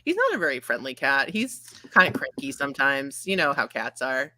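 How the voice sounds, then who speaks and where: A woman's voice: very deep voice, sing-song, moderate pace, sharp tone, dry recording. Chatty woman narrating a cozy tabletop game. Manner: chatty and giggly, playful narration. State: getting over a cold. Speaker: game master.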